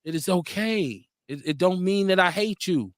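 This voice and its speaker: A man's voice: high voice, lively intonation, moderate pace, dry recording, clean studio sound. A man hosting a casual live stream, reading viewer comments aloud and answering them frankly, often laughing and repeating himself. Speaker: live-stream show host.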